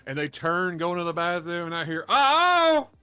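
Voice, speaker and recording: A man's voice: on the high side, little pitch movement, brisk, bright, forceful tone, smooth, dry recording. A man, a podcast co-host telling a long story in rambling, profane casual chat. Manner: rambling, profane, laughs while telling stories.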